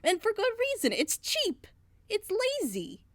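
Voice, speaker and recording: A woman's voice: extremely high pitch, wildly swooping pitch, unhurried, fairly bright tone, no room sound, clean studio sound. A woman in a casual group chat, ranting with energy and acting out quoted lines. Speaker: reaction video co-host.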